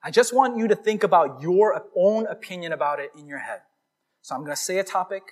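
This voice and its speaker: A male pastor giving a conversational, animated sermon to his congregation. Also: sits high, fairly quick.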